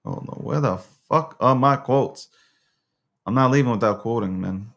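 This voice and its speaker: A male host talking loosely on his livestream, swearing often and drifting between topics. His voice sits in an ordinary middle range, and he gets excitable fast, jumping up sharply when he rants. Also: vocal fry. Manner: profane, excitable, rambling; rants loudly with sharp pitch jumps. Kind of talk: casual livestream show.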